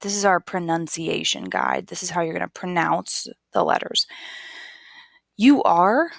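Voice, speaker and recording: A woman teaching English contractions, patient and deliberate. She speaks slowly, with a slightly low voice and a noticeable gravelly fry. The sound is dry and close. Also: sing-song, no echo. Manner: patient, repeats each word slowly for learners. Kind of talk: slow, careful classroom explanation.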